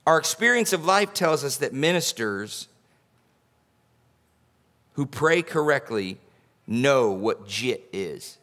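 A man's voice: mid-range voice, very animated, slow, pauses often, a bit bright. A male pastor, preaching a sermon in a folksy, humorous storytelling way. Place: church sanctuary.

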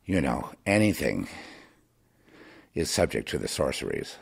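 A man's voice: extremely low pitch, very animated, unhurried, gravelly, husky. A man hosting a podcast monologue, rambling and impassioned, sarcastically scolding his listener, with many restarts. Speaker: podcast host.

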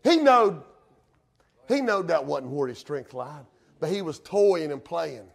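A man's voice: a little high, very animated, slow pace, creaky. A male pastor, preaching a sermon in a folksy way that rises to fervent emphasis.

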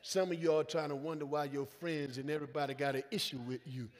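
A high-pitched male pastor preaching to his congregation, swinging from soft asides to loud, emphatic calls. He acts out quoted voices in easy vernacular. His voice rings with the long reverb of a church sanctuary. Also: steady tone, a little fast. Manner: call-and-response preaching, swelling to loud emphatic lines. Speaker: senior pastor. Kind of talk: preaching a sermon.

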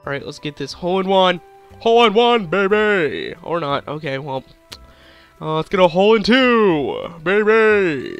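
A man's voice: high-pitched, a bit bright. A young man with a sore throat giving hyper, giggly, crude gameplay commentary, rambling on. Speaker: gaming YouTuber.

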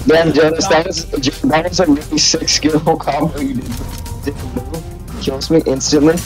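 A man's voice: a little high, level tone, a little slow. A young man in his teens groaning, cheering and bantering during an online game. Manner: complaining and cheering friend. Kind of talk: casual gaming banter. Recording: voice chat with faint game music.

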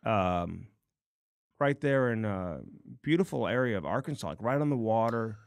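A man co-hosting a podcast, telling a rambling story in casual chat, saying "dude" a lot and getting animated as he goes. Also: fairly low pitch, moderate pace, vocal fry, no echo. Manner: rambling, says "dude" often, gets animated retelling. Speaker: podcast co-host.

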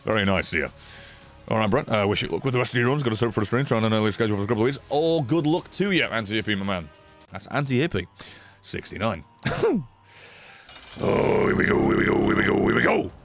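A young man commentating his own gameplay on a live stream, profane and animated, grumbling then yelling at the game. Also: on the low side, fast talker, gravelly. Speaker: gaming streamer. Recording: game music behind voice.

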